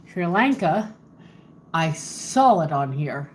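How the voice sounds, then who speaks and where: A woman with a low-pitched voice and big pitch swings speaks slowly, with slight background noise. She is livestreaming casually from home indoors on a handheld phone, muttering to herself while searching a map.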